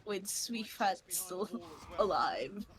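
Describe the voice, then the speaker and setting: Woman co-watcher, a bit high-voiced; tense exclamations, easy giggles, casual chat. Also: animated, normal speed, a crowd in the background. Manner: nervous exclamations, lots of laughing. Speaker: co-streamer.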